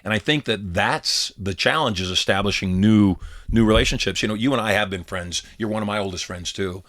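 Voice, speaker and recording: A middle-aged man with a low voice talks on a podcast. He tells personal stories with a steady delivery and slips into quoted dialogue as he goes. He is recorded on a studio mic. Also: fairly quick. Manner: storytelling, acts out quoted dialogue. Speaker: podcast co-host. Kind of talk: casual podcast conversation.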